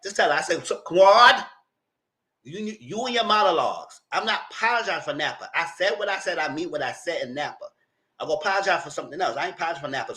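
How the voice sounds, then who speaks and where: With a slightly high, fairly bright voice, this man does casual livestream commentary for his channel. He's chatty and blunt in his recap, throwing in asides and acting out what he said to the cast.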